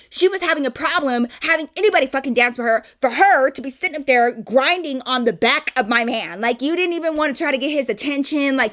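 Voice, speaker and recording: A young woman telling a story to her viewers in a casual, animated way, swearing freely and calling them y'all. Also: high-pitched.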